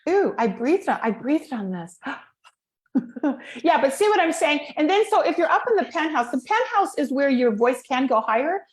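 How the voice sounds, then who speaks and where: A woman's voice: high voice, normal speed, roomy sound. A woman voice coach chatting casually and acting out vocal techniques as she explains them. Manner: animated, demonstrates vocal techniques. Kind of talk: casual chat.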